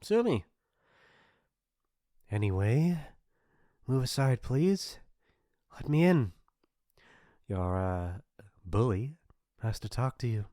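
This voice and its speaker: A man's voice: medium pitch, expressive, slow pace, pauses often, warm tone, no room sound, studio quality. A man voicing a mean, teasing popular bully in an ASMR role-play, mocking and laughing often. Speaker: voice actor.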